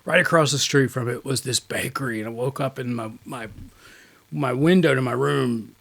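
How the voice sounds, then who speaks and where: Gravelly man telling rambling stories. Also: medium pitch, moderate pace, a bit bright. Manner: rambling storyteller, laughs often. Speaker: podcast co-host. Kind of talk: casual chat.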